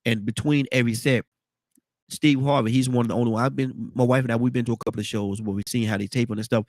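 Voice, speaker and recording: A man with a congested baritone voice hosting a morning talk show. He rambles easily, repeating words and restarting sentences. The sound is dry and close, with no room around it. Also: steady tone, fast, darkish tone, no room sound. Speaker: radio show host.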